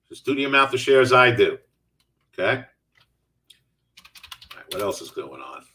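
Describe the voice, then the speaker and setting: A man's voice: medium pitch, very animated, a little slow, long pauses, pushed and bright, far from the mic. A middle-aged man hosting a live trading stream, talking casually and answering viewer chat as he trades. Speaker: stock trading host.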